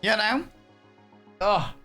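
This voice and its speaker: A man's voice: sits high, lively intonation, drawn-out words, bright, forceful tone, faint music behind. Playful man streaming. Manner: playful, theatrical mock outrage. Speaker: livestream host. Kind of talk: casual chat with viewers.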